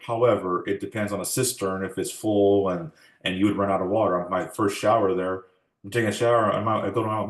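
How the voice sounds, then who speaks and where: For an oral history interview, a man in his forties from the United States reflects on family stories, acting out the dialogue in them. His voice is fairly low and steady in tone, his pace fairly quick, and the recording is reverberant.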